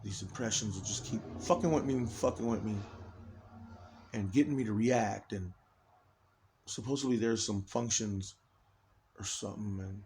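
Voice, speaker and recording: A man's voice: mid-range voice, moderate pace, long pauses, darkish tone, a little hiss or hum. A man in an agitated, rambling personal monologue, swearing heavily and restarting his sentences often.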